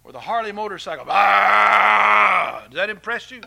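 A man preaching a sermon, his voice bright, sharp and forceful. He pitches a little above the usual male range and swings between loud, emphatic declarations and quiet, hushed passages. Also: big pitch swings, racing.

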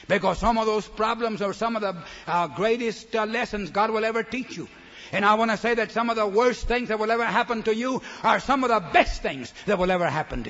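An older man preaching a sermon, emphatic, swinging between loud declarations and soft, low asides. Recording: long hall reverb, dull lo-fi sound.

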